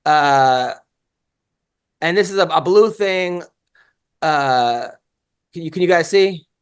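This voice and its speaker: Chatting casually on his podcast, a man tells rambling, swear-filled stories with frequent restarts. His voice sits fairly high and sounds smooth, and his delivery is animated yet slow.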